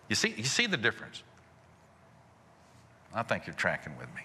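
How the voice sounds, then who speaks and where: A male pastor preaching a sermon in a folksy way, asking rhetorical questions and chuckling softly. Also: fairly low pitch, wildly swooping pitch, normal speed, in a large hall, slight background noise.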